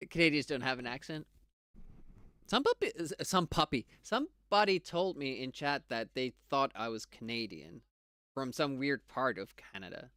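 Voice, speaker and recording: Lively game streamer. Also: mid-range voice, a little slow, long pauses, dry recording, studio quality. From Finland. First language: Finnish. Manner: chatty, laughs often, answers chat while playing. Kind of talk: casual live-stream chat while playing. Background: game music.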